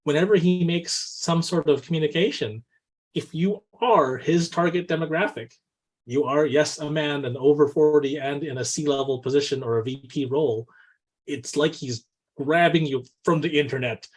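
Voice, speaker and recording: A man with a slightly husky voice co-hosts a relaxed business podcast. He talks in a lively, coaching way, leaning on a constant "right?" and jumping into quick acted-out exchanges to make his points. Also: on the high side. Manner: animated, says "right?" constantly, acts out quoted dialogue. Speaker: co-host. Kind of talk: casual business podcast chat.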